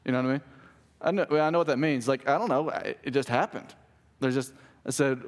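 A man's voice: mid-range voice, a little fast. A pastor in his thirties preaching a conversational sermon, acting out short exchanges between church members. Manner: conversational preaching, acts out quoted voices.

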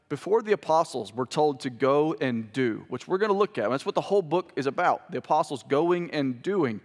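A man pastor giving a sermon in a church, casual and joking with the congregation. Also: on the high side. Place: church sanctuary. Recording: hall reverb.

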